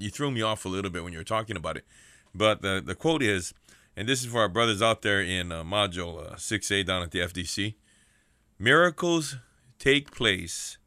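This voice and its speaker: A fervent man preaching on a ministry radio show, with a low, bright, forceful voice. His delivery is full of hallelujahs and calls for amens. The recording is dry and close. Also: no echo. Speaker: prison ministry radio host.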